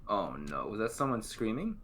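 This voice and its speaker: Let's-play co-host reading the game aloud, man, steady, dry, game music clear behind. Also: lowish voice, moderate pace. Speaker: streamer.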